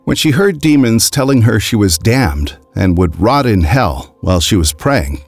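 A man narrating a scripted story in a grave, measured way. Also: on the low side, big pitch swings, gravelly, husky, dry recording, soft background music.

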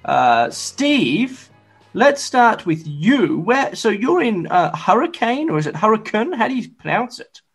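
A man's voice: high voice, slow, slightly rough, faint music behind. A man hosting a sports podcast, talking casually with lots of fillers and restarts. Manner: lively, filler-heavy, chatty. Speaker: podcast host.

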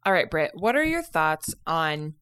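A woman's voice: sits low, very animated, measured pace, fairly bright tone, clean tone. A woman with a Utah accent co-hosting a podcast, telling stories in casual chat and laughing often. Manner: chatty storyteller, laughs often. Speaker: podcast co-host.

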